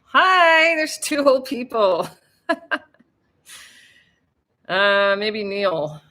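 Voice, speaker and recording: A woman's voice: on the high side, big pitch swings, extremely slow, bright, forceful tone. A woman hosting a casual livestream from home, rambling and chatty, laughing often as she greets viewers. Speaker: livestream host, tour guide. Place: home in a tropical town.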